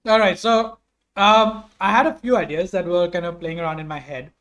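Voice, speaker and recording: A young man with an Indian English accent, a tabletop game player pitching character ideas. He thinks aloud with many "um"s and sounds enthusiastic. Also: fairly even intonation, moderate pace, a bit bright.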